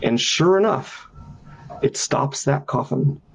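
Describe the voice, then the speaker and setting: Guy on his stream telling spooky stories, bit husky, does all the sound effects. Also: medium pitch, takes it slowly. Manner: animated storyteller, acting out sounds and voices. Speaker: game designer and streamer. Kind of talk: casual storytelling on a stream. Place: his house.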